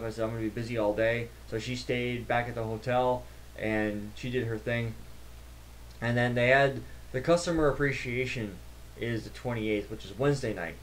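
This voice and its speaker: A man's voice: medium pitch, a little hiss or hum. A man, a network engineer, casually recapping a tech conference in a rambling, chatty way with many fillers.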